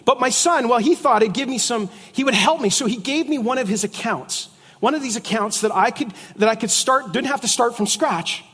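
A middle-aged man with a rather high voice preaches a sermon in a loose, chatty way, mixing scripture with jokes and stories. His voice rings out with a long hall reverb. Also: a little fast, a bit bright, breathy edge. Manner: conversational preaching with jokes and asides. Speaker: pastor.

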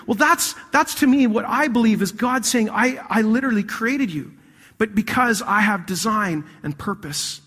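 A man preaching a sermon as pastor, animated, swinging between loud emphasis and hushed intensity. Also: sits high, moderate pace, breathy edge, big-room sound.

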